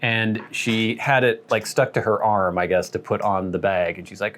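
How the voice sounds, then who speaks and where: A man's voice: on the low side, flat delivery, moderate pace, a bit bright, slight background noise. A man hosting his vlog, telling a rambling, wry, self-deprecating story in a casual way. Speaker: vlog host.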